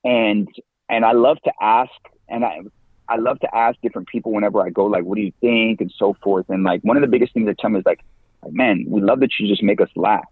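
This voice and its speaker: A man in his forties, a podcast guest and campus minister, talking in a lively, slangy way and laughing often. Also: lowish voice, fast, husky, dry recording. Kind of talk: casual interview talk. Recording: tinny phone-like line, dry.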